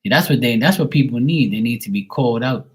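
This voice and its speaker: A man reading tarot on a live stream, chatting bluntly to a viewer, swearing freely and getting animated when worked up. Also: medium pitch, fast, slightly rough, low-quality recording. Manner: blunt, swears often, talks straight to a viewer. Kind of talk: casual live-stream chat.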